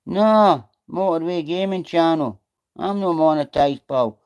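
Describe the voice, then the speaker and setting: Unhurried and a little high, his voice has a clean, darkish tone. He's a middle-aged Scot on a casual livestream, reading viewers' messages and replying bluntly while swearing freely.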